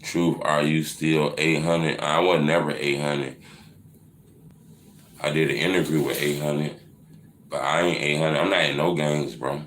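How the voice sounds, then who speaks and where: Man in his 30s, low voice, bright edge, livestream host, cusses and roasts chat, roomy echo. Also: little pitch movement, a little slow, pauses often, a little hiss or hum. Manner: profane, teasing banter that swings into loud mocking rants. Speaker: livestream host answering viewer questions. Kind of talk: casual live Q&A chat.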